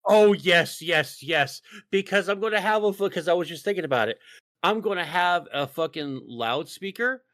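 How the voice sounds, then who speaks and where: A man's voice: high voice, animated, moderate pace, fairly bright tone, no room sound, clean studio sound. Rowdy, foul-mouthed man on a podcast. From Texas. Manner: profane, rowdy, rambling with frequent fillers. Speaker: podcast co-host. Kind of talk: casual podcast banter.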